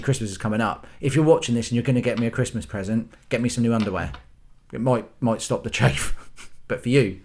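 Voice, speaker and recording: Man, thirties, casual rant, exasperated, mid-range voice. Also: mid-range voice. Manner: exasperated ranting with self-mocking asides. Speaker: host.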